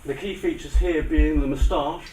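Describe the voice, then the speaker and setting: A man's voice: fairly high pitch, normal speed. Hesitant man lecturing in a roomy hall. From United Kingdom. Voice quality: hesitant, many ums and uhs. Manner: relaxed, gently humorous. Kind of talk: presentation talk with slides. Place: retreat lecture room with audience. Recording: roomy echo, distant mic, faint hiss.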